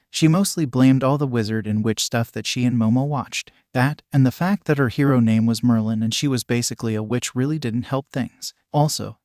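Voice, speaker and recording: A man narrating a fan story in a steady, even reading voice. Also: mid-range voice, dry recording, studio quality. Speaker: fanfiction narrator.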